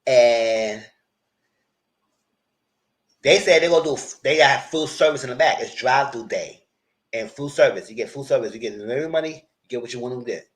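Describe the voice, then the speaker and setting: A man hosting a casual live recap, retelling scenes in a loose, animated way and quoting the characters as he goes. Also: mid-range voice, moderate pace, long pauses. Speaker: TV recap host.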